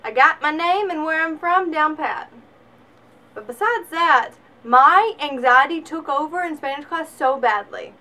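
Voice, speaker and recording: High, bright sarcastic Southern woman. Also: unhurried. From Alabama, US. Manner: sarcastic, animated. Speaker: vlogger. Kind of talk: comedic vlog monologue.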